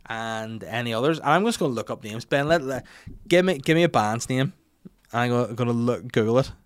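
A young man hosting a podcast, telling a rambling, self-mocking story and getting louder when he quotes himself. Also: mid-range voice, animated, fairly quick, clear, resonant tone. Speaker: podcast host. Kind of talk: casual chat and anecdote.

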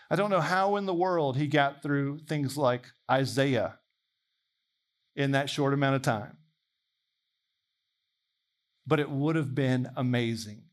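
A man preaching a sermon in a conversational, animated way, imagining dialogue aloud. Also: medium pitch.

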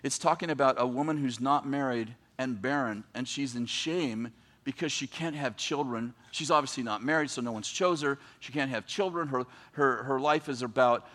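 A man preaching a sermon, swinging from quiet scripture reading to loud, excited shouting, with animated storytelling. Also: medium pitch, moderate pace. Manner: animated storytelling with voiced asides.

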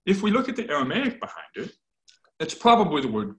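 A man explaining as a scholarly guest in conversation, animated, often checking in with "right?" and correcting himself as he goes. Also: on the high side, quick pace, rough recording. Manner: animated, tags points with "right?".

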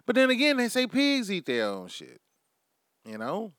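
A man's voice: sits high, huge pitch swings, moderate pace, a bit bright, clear, resonant tone, no room sound, clean studio sound. A man hosting a comedy monologue, brash and crude, riffing with mock asides to an imagined crowd. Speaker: comedy podcast host.

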